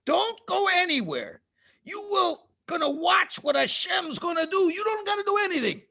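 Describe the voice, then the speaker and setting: A man voicing a calm, soft-spoken leader. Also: very high voice, normal speed, creaky, voice pushed up, exaggerated voice. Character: calm steady male leader.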